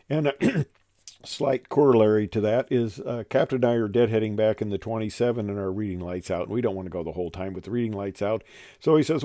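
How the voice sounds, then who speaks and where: A man's voice: medium pitch, fast, warm tone, no room sound. An older man, a retired airline pilot, telling stories in a rambling, casual way with many fillers and restarts. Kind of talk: casual storytelling monologue.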